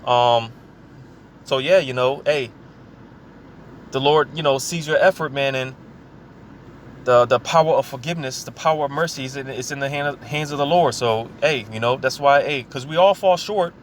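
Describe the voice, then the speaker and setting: A man preaching informally, reading scripture aloud slowly and talking casually, often saying "man" and "you know" between thoughts. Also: medium pitch, a little hiss or hum. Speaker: scripture teacher.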